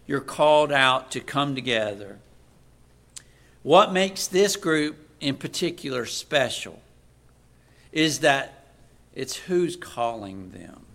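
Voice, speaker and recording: A man preaching a sermon, moving from quiet asides to loud, emphatic readings of scripture. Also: mid-range voice, expressive, takes it slowly, gravelly, pauses often.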